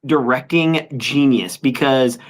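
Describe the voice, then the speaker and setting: Relaxed man guesting on a podcast. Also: mid-range voice, takes it slowly. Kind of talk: casual movie review chat.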